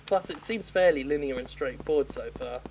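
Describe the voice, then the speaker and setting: A woman's voice: low voice, fairly quick, darkish tone, a little hiss or hum, rough recording. Sarcastic swearing woman game critic. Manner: sarcastic, profane, laughing. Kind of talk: sarcastic let's-play commentary.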